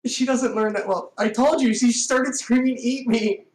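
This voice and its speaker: A woman's voice: fairly high pitch, normal speed, darkish tone, rough recording. A woman playing a tabletop game, joking bluntly and describing her character in the third person. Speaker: player.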